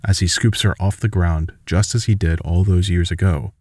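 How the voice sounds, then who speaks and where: A man narrating a fanfiction audiobook in a steady, measured storytelling manner. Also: low-pitched, no echo, studio quality.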